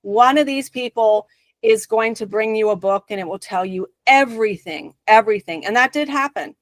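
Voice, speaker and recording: A woman with a fairly high voice tells her spiritual awakening story in an interview, earnest and emphatic. Her voice sits close and dry, with no room around it. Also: normal speed, no room sound. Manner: earnest, emphatic personal testimony. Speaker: guest.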